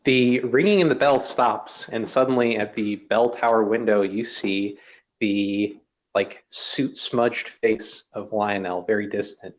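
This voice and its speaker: A man narrating a tabletop game as dungeon master, relaxed and descriptive with lots of fillers. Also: on the low side, measured pace, low-quality recording.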